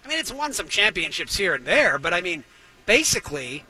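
A man's voice: high-pitched, very animated, fairly quick, bright, forceful tone, breathy edge, rough recording. A man hosting a talk show, ranting sarcastically and riffing for laughs. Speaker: radio show host. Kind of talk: comedic talk-show rant.

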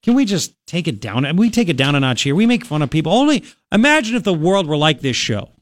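Animated, high-voiced male radio host. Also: fast talker. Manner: blunt, exasperated, ranting. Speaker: radio talk show host. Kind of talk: talk radio commentary. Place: radio studio.

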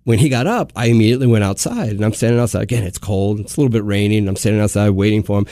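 Fast-talking deep-voiced man telling a story. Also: dry recording. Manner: animated storyteller with many restarts. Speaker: guest. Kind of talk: casual storytelling.

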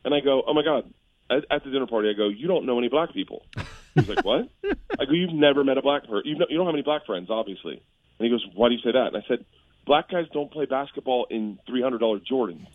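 A middle-aged man, a comedian, tells animated stories on a radio show, laughing and jumping high when he quotes people. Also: fast, no room sound, narrow, tinny audio. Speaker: comedian guest.

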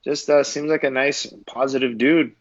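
A man co-hosting a casual mixed martial arts chat, speaking in a relaxed, loose way with some hesitation. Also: mid-range voice, moderate pace, no room sound, lo-fi sound. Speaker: co-host and commentator.

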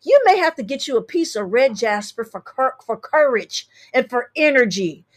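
A woman's voice: fairly high pitch, lively intonation, normal speed. A woman astrologer hosting a show, reading listener emails and giving blunt, sassy advice with emphatic repeats. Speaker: astrologer and tarot reader host.

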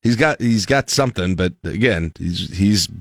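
A man's voice: low-pitched, lively intonation, moderate pace, no echo, clean studio sound. A man hosting a casual talk show, telling stories in a rambling way with many restarts. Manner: rambling, self-interrupting storyteller with frequent restarts. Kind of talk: casual chat.

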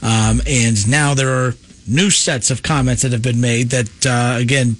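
Brisk male sports radio host. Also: medium pitch, fairly even intonation. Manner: brisk, conversational, frequent "uh" fillers. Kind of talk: radio hosting.

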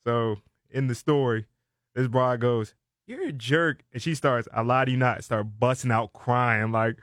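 A man's voice: medium pitch, flat delivery, normal speed, fairly bright tone, dry recording, clean studio sound. A young man with a Washington DC accent telling a story in casual chat, animatedly acting out the voices of people in it. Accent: Washington DC area.

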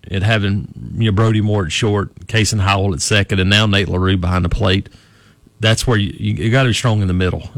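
A man with a lowish voice, heard without echo, covers college sports and chats in an easygoing, rambling manner about a team's season on the radio, restarting again and again.

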